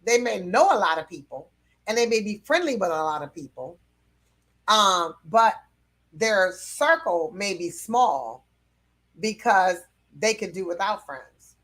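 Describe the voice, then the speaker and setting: A woman's voice: medium pitch, expressive, a little slow, a bit bright. A woman teaching about personality temperaments in a casual, conversational way, with fillers and light laughs.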